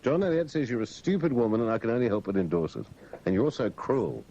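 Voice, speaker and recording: Sarcastic guy on talk radio, mellow voice that swoops all over, dull old broadcast with faint hiss. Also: medium pitch, big pitch swings, quick pace. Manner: sardonic, mocking, with put-on silly voices. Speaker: radio host.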